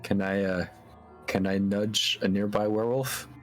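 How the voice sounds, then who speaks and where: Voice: sits low, steady tone, unhurried, faint music behind. A player in a tabletop role-playing game who asks playful questions and giggles often.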